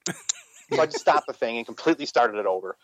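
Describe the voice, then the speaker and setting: A man's voice: medium pitch, animated, a little fast, rough recording. A man co-hosting a casual podcast, telling a rambling, crude story in a laid-back way. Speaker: podcast co-host.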